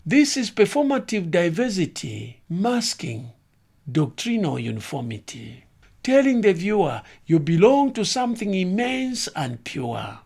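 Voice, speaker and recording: A man giving scripted critical commentary in a measured, grave, analytical way. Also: high voice, very animated, vocal fry, a little mellow, slightly rough.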